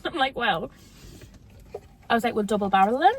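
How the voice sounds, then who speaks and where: A woman's voice: medium pitch, brisk, gravelly, slight background noise. A young woman with a Geordie accent, hosting a casual chat with her mother, laughing often and quoting people. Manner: chatty, laughs often, quotes people in voices. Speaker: host.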